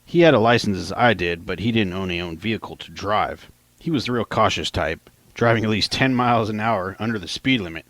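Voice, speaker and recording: A man's voice: lowish voice, fairly quick, a bit bright, dry recording. A man narrating his own novel as an audiobook in a plain, casual storytelling manner. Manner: plain, casual storytelling, quotes lines in lightly raised voices.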